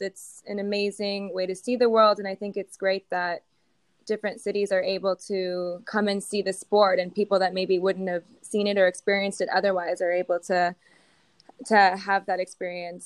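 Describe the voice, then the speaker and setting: A guest on an interview, this young American show jumping rider has a smooth, medium-pitched voice recorded with no room sound. She answers casually, hesitating often and giggling between frequent fillers.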